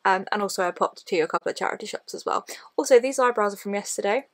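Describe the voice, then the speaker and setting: A woman's voice: medium pitch, fast talker, no echo. A young woman, chatting casually and bluntly to camera in a daily vlog, swearing now and then. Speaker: vlogger.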